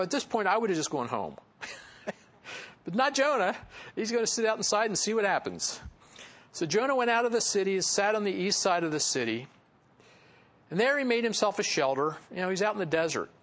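A male pastor teaching a Bible passage in a relaxed, talky manner, breaking into small chuckles and leaning on fillers as he explains. His voice sits a little higher than most men's. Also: brisk. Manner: conversational, chuckling asides, frequent "you know" fillers. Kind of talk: expository sermon.

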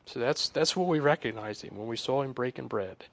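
A man giving a conversational Bible teaching, casual and animated, chuckling between points. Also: mid-range voice, brisk, hardly any pauses.

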